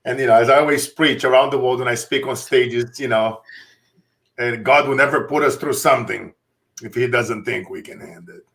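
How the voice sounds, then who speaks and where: A man's voice: medium pitch, fairly quick, gravelly, fairly bright tone. A man with a Brazilian accent hosting a live-streamed interview, preaching and rallying his audience. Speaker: interview host, motivational speaker.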